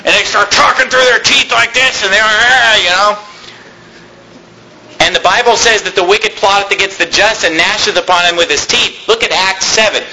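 A man's voice: high voice, moderate pace, a little hiss or hum, poor audio. A man preaching a sermon to his congregation, telling a personal story and asking the room questions. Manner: lively storytelling with audience questions. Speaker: pastor.

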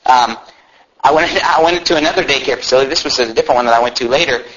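A man's voice: medium pitch, rapid-fire, fairly bright tone, slight background noise. A man preaching a sermon, telling a story in an earnest, conversational way, often restarting and adding asides. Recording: muffled lo-fi recording.

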